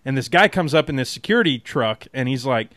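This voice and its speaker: A man hosting a podcast, telling a story in a casual, animated way with frequent laughter. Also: medium pitch, fairly quick, no echo. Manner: laughs often, animated storytelling with quoted voices. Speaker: podcast host.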